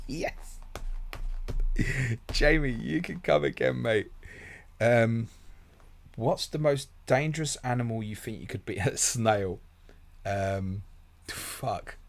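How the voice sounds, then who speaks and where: A man's voice: mid-range voice, slow, vocal fry, long pauses, slight background noise. An English man in his young adult years, hosting a casual fantasy football live stream, reading out viewer questions and answering them bluntly, swearing casually and calling people mate.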